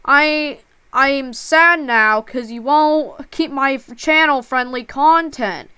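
A woman's voice: high-pitched, slow pace, sharp tone, no echo. A woman streaming a game live, upset and close to tears, talking in stammering restarts with a plaintive tone.

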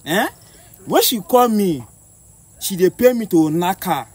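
A young Nigerian man protests in a high, lively voice that swings up and down. His tone is a little husky and sounds fed up. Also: a little slow, no echo. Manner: defensive, exasperated. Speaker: interviewee. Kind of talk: comic street-interview skit.

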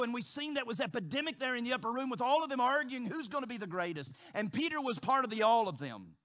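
High, bright-voiced pastor preaching dramatically. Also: male voice, lively intonation, fast talker, few pauses. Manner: dramatic, repeats phrases, acts out quotes with swings in loudness. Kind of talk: sermon. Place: church sanctuary.

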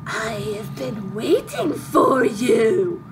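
A woman's voice: very animated, drawn-out words, crowd noise, exaggerated voice. A woman putting on a creepy, sinister voice for a male assassin villain in a video game. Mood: menacing. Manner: low sinister drawl. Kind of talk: game role-play voice.

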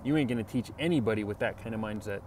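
A man's voice: on the low side, racing, a little mellow, slight background noise. A man giving an earnest, conversational Bible lesson to camera, repeating himself and checking in with "right?" and "you know?". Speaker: Bible teacher. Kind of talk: casual video sermon.

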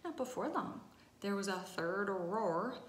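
A woman reading a picture book aloud to preschoolers, expressive and sometimes hushing to a whisper. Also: mid-range voice, a little slow, background noise. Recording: roomy echo.

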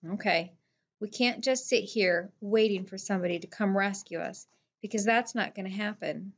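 A woman's voice: medium pitch, moderate pace, muffled recording, close to an everyday voice. A woman voicing a stranded teenage city boy who is frustrated and blames himself, in a bitter, exasperated way. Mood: determined.

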